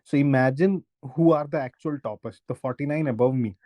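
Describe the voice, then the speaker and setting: A man's voice: medium pitch, a little fast, warm tone, no echo. A young man with an Indian English accent, co-hosting a podcast in casual, teasing banter. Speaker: podcast co-host.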